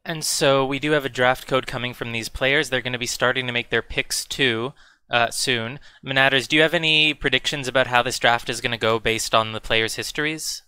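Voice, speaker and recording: A man's voice: medium pitch, steady tone, brisk, sharp tone, smooth, no room sound. A man co-casting a live online game match, speaking fluently and steadily as he sets up the draft and quotes stats. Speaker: esports co-caster.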